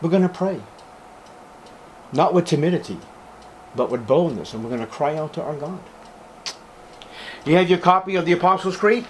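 A man preaching a sermon as a pastor to his congregation, fervent and emphatic, with sudden loud, high rises on key words. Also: fairly quick, long pauses, a little hiss or hum.

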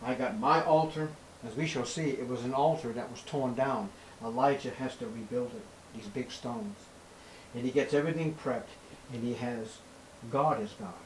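A man preaching a sermon with dramatic storytelling, loud emphatic bursts and sarcastic rhetorical questions. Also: mid-range voice, moderate pace, slight background noise. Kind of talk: expository sermon.

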